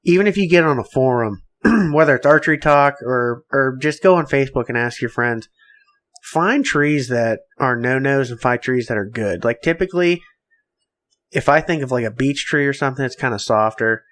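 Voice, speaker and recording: A man's voice: medium pitch, normal speed, fairly bright tone. A man co-hosting a podcast, chatting casually and giving advice with plenty of fillers. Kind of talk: casual chat.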